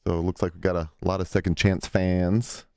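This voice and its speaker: A man co-hosts a casual podcast in a very deep, relaxed voice. He talks plainly and matter-of-factly. The sound is dry. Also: fairly quick, no echo. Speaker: podcast co-host.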